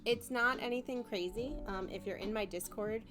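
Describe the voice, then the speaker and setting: A woman's voice: a little high, normal speed. Young woman, casual streamer chat, repeats herself, light music behind. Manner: chatty, self-mocking, repeats phrases, swears casually. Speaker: art streamer. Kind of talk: casual live-stream chat while painting. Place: home living room. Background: soft music playing.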